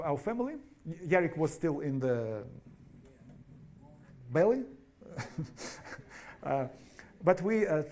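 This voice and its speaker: Halting preacher, mellow tone. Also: male voice, fairly high pitch. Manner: halting, restarts words, many fillers. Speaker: pastor. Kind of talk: sermon. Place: church.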